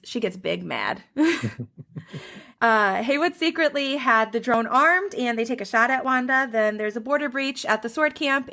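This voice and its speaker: A woman hosting a podcast, quickly retelling a TV episode in casual chat and laughing often. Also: medium pitch, creaky, pushed and bright. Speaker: podcast host.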